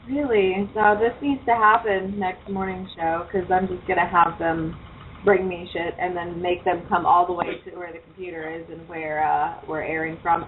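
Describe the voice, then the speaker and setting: Her voice on the low side, a woman hosts a relaxed internet radio show, chatting loosely and profanely. The recording is tinny and phone-like, with a faint hiss running underneath.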